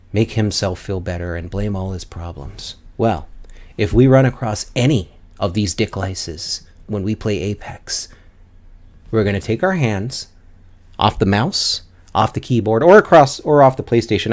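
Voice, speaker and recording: A man hosts his own gaming channel, delivering a casual, foul-mouthed rant at toxic players. He talks slowly, his pitch swinging widely between lines. His tone is mocking and cocky. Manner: mocking, profane, trash-talking.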